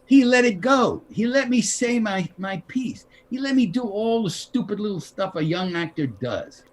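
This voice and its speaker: An older actor telling a story over a video call, animated, acting out the lines of the people in his story. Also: high-pitched, moderate pace. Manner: animated, acts out quoted dialogue. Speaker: guest actor. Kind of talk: anecdotal storytelling.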